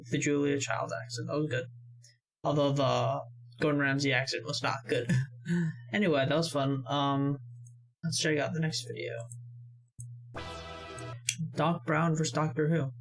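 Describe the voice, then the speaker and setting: A man's voice: on the high side, flat delivery, normal speed, long pauses, a bit bright, faint music behind. A man hosting a reaction video, commenting in a thoughtful, mildly amused, hesitant way.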